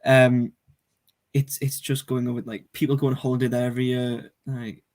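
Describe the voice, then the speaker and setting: A man's voice: mid-range voice, flat delivery, normal speed, a little mellow. A man co-hosting a football podcast in casual chat, sarcastic and filling his talk with "like". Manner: sarcastic, fills with "like". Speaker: podcast co-host.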